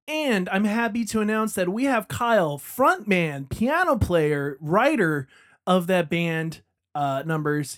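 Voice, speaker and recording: Chatty, rambling male podcast host. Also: high-pitched. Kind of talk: casual podcast monologue.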